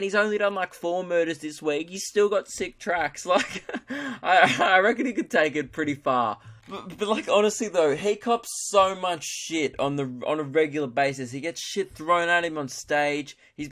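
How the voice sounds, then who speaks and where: Running his own comedy podcast, this young Australian host has a fairly bright voice that sits on the high side. His talk is rambling and jokey, heavy on self-mockery, free-flowing profanity and broad slang.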